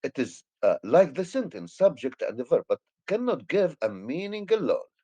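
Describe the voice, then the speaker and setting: A man's voice: on the high side, big pitch swings, normal speed, dark tone, breathy edge, no room sound. A male English teacher with an Egyptian accent, a native Arabic speaker, explaining grammar hesitantly with many fillers and restarts.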